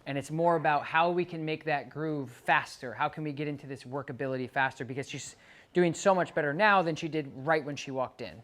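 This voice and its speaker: A man working as a dog trainer, calmly coaching a client through exercises and counting out the timing. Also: fairly high pitch, a little fast. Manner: calm, coaching, counts out loud. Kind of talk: instructing a client during training.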